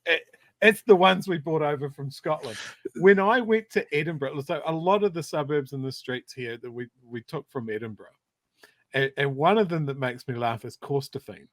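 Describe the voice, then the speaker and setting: A New Zealand man chatting casually as a podcast co-host. His voice sits a little high for a man, and the recording is dry and close. He tells his stories with animated turns. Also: moderate pace, no echo. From South Canterbury, New Zealand. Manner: conversational, animated storytelling. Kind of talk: casual chat.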